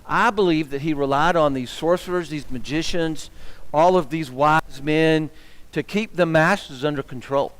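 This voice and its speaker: A man teaching scripture to his congregation. He throws questions at the room and works himself up as he goes, and his fairly high voice rings out with the long echo of a church hall. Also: a little slow, clear, resonant tone. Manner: animated, asks the room questions, gets fired up. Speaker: minister teaching a Bible class. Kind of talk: interactive Bible teaching with questions to the class.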